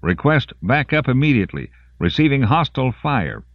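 A man's voice: medium pitch, very animated, moderate pace, no echo, muffled recording, pitched above the performer's own voice. A man voicing a curt, commanding male corporal giving orders.

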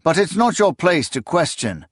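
A man's voice: mid-range voice, lively intonation, unhurried, no echo, studio quality, voice pushed up, lightly acted. A man voicing a proud prince who speaks with courtly, commanding ease. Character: proud young prince, commanding and smooth-talking.

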